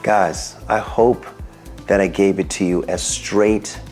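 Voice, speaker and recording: A man, a dentist, giving health advice in a casual talking-head video, animated and folksy with joking asides and pitch that jumps high on emphasis. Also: slow pace, faint music behind.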